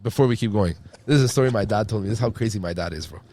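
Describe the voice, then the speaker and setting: A man's voice: lowish voice, very fast. Swearing casual podcast host guy. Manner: profane, says "bro" constantly, animated storytelling. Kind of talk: casual chat.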